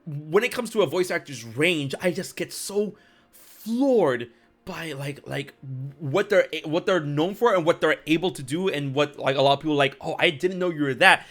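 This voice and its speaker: A man hosting a casual interview, talking in a rambling, excitable way with lots of fillers. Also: fairly high pitch, moderate pace. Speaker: show host and streamer.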